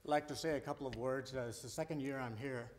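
A man's voice: medium pitch, steady tone, quick pace, a little mellow. A man speaking onstage to a festival audience, telling a chatty anecdote. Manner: chatty anecdotal, addressing the crowd. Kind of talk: storytelling to an audience. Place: concert hall stage. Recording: long hall reverb.

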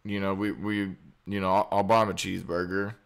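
A man's voice: deep voice, little pitch movement, brisk, vocal fry, clear, resonant tone. A man hosting a live stream, chatting casually and rambling with lots of fillers and swearing. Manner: rambling, profane, full of fillers.

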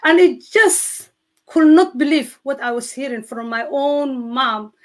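A woman with a Somali accent earnestly telling her faith testimony, halting and restarting often. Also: high-pitched. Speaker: guest sharing testimony. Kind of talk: emotional personal testimony.

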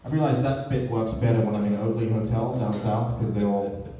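A man with a fairly low, steady, warm voice talks briskly through a stand-up comedy set, rambling and sardonic in his observations. It's recorded indoors at a live comedy venue in an echoey room on a distant mic, with a crowd and audience laughter.

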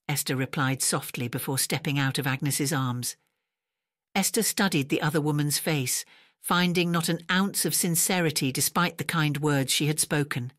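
A woman narrating a romance audiobook in a measured, even storytelling manner, recorded close on a studio mic. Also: low voice, no echo. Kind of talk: scripted narration.

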